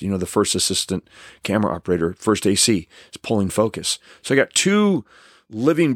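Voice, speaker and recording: A man in his sixties, a longtime stunt performer, telling stories from his career in an animated, rambling way with frequent restarts. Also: mid-range voice, dry recording, clean studio sound. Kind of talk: storytelling, reminiscing.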